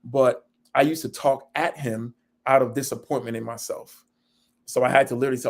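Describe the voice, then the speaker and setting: A man in middle age talks openly on a panel discussion at an ordinary, middle pitch. He speaks earnestly and pokes fun at himself, with a laugh slipping into his stories now and then. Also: fairly even intonation, brisk, gravelly. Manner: earnest and self-deprecating, laughs while telling stories. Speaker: panel guest.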